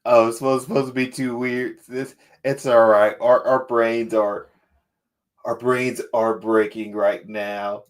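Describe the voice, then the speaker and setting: A man's voice: mid-range voice, little pitch movement, unhurried. A man hosting a writing sprint livestream, chatting casually and playfully, laughing often and reading the chat aloud. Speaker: livestream host.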